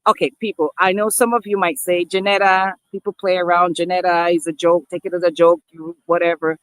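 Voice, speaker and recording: A woman's voice: lowish voice, flat delivery, fairly quick, a bit bright, clean tone, rough recording. A woman vlogger talking earnestly to camera, emphatic and repeating herself as she addresses her viewers as people. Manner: repeats and restarts phrases. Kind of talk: casual talk to camera.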